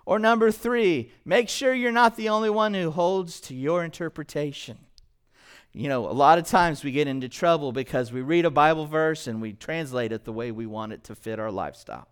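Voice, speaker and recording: Male pastor, sermon delivery, animated, quizzes the room, fairly high, resonant voice. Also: moderate pace, clean tone. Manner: animated, quizzes the congregation with questions. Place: church, in front of a congregation.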